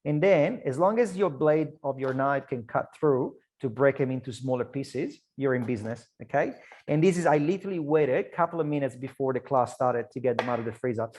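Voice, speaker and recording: A man's voice: medium pitch, expressive, a little fast, a little mellow, a little hiss or hum. A man with an Italian accent, a chef chatting his way through an online cooking class, loose and talkative with frequent restarts. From Italy. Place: kitchen.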